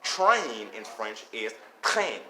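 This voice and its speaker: A man's voice: mid-range voice, expressive, moderate pace. A man giving a casual spoken beginner language lesson, talking loosely and often checking in with "okay?". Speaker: language teacher. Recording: echoey room with faint noise.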